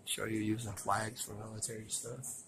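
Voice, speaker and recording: A man narrating casually as he films his walk through a museum, rambling and folksy and quick to complain. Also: lowish voice, little pitch movement, vocal fry, noisy background. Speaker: vlogger touring a museum. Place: indoor museum.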